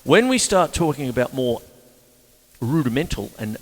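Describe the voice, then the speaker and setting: Older drum teacher, loose and jokey, lively pitch, long room reverb, drums behind. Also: male voice, normal speed. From Australia. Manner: rambling, jokey, talks between drum demos. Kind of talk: casual drum lesson.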